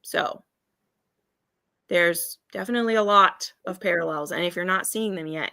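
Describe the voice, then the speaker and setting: A woman's voice: on the low side, moderate pace, creaky, pushed and bright, no room sound, studio quality. A woman hosting a casual livestream chat, emphatic and chatty, with ranting asides. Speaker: readathon host.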